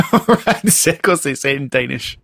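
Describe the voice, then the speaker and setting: A man's voice: on the high side, expressive, vocal fry, a bit bright, breathy edge, dry recording, clean studio sound. A man hosting a casual podcast movie quiz, joking and laughing often. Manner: joking, laughs often, reads taglines in a slow dramatic voice. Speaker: podcast host running a movie tagline quiz.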